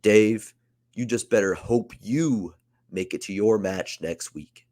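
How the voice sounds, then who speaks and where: A man's voice: lowish voice, slow, darkish tone. A man voicing a cocky male heavyweight champion who taunts his rivals. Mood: taunting.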